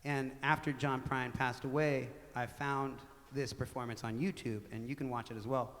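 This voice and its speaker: Man, mid-range voice, singer-songwriter, onstage storytelling, animated, chatty, stage mic, long live-room reverb. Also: mid-range voice, moderate pace. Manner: animated, conversational, with laughs and acted-out quotes. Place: small live music venue with audience.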